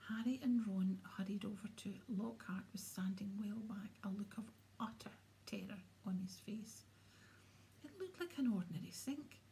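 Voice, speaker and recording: A woman narrating a storybook aloud in a soft, hushed manner. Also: mid-range voice, moderate pace, slight background noise. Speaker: audiobook reader.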